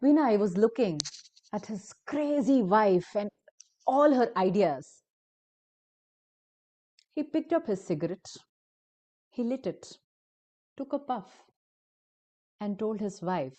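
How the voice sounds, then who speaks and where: Slow, expressive woman storyteller. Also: medium pitch. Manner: slow, deliberate, expressive narration. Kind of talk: oral storytelling for adults.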